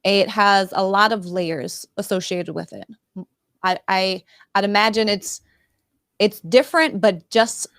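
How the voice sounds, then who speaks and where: A woman hosting an interview, asking questions in a friendly, halting way with many fillers. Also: mid-range voice, fairly even intonation, dry recording, clean studio sound. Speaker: interview host. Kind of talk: conversational interview.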